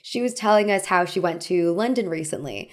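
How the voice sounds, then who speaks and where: A woman's voice: on the low side, expressive, fairly quick. A young woman hosting a video essay, narrating from a script in a conversational, wry way with light humor.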